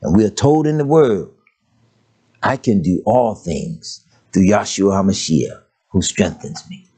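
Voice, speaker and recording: An older man preaching a folksy, humorous sermon, telling stories and swinging from low murmurs to high exclamations. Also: very animated, unhurried, warm tone, breathy edge. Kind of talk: sermon with storytelling.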